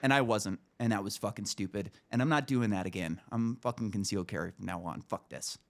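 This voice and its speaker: A man's voice: lowish voice, a little fast. A man co-hosting a podcast, telling a story in casual, profane talk and acting out the dialogue. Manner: animated, profane, acts out dialogue. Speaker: podcast co-host.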